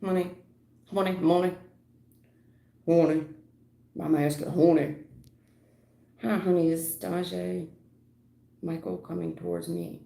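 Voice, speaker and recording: A woman's voice: lowish voice, lively intonation, takes it slowly, creaky, pauses often, dark tone. Blunt woman tarot reader in an echoey room. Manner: blunt, preachy, calls viewers honey and sweetheart. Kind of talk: live-stream tarot reading.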